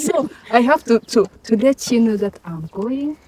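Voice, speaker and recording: A woman student guest in a casual interview, speaking haltingly with many restarts and frequent laughter. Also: on the high side, expressive, dark tone, slightly rough. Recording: noisy background.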